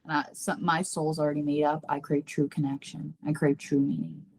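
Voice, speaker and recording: An earnest woman with a slightly low voice confides a personal story as a podcast guest. She speaks openly and animatedly, and her voice leaps upward whenever she acts out what someone said. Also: brisk. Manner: earnest and confiding, talks about herself by name; animated, jumps high when acting out quoted voices. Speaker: podcast guest, psychic medium.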